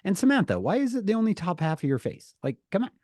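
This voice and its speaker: A man's voice: high-pitched, very animated, quick pace, a little mellow, no echo, clean studio sound. A man hosting a youth group on a video call, greeting each person in a playful, teasing way. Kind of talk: casual chat on a video call.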